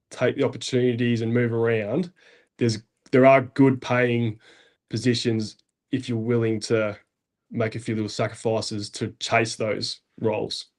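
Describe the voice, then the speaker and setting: A man's voice: medium pitch, a little mellow. A man speaking hesitantly and in a laid-back way as a guest in a casual interview.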